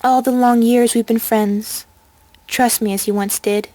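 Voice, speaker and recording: A woman voicing a serious, wise female unicorn, speaking calmly and firmly. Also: on the high side, unhurried, no room sound. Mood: gentle.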